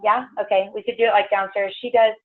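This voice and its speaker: A woman's voice: medium pitch, fairly even intonation, quick pace. Woman meditation leader, rambling casual chat, thin phone-like sound. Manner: rambling, chatty, full of "like". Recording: tinny phone-like lo-fi recording.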